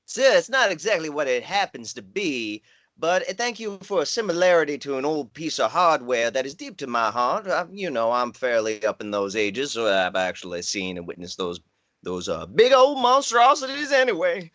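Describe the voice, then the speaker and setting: A man's voice: on the high side, big pitch swings, normal speed, a bit bright, no echo. A man playing a rambling, gun-loving Southern job candidate in a comedy sketch, speaking with a Southern US accent and odd formal wording over a video call.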